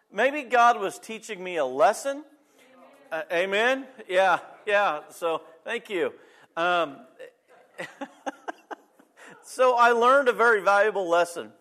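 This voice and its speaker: A pastor telling a personal story in a sermon, conversational and talking straight to the congregation. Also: male voice, sits high, fairly bright tone.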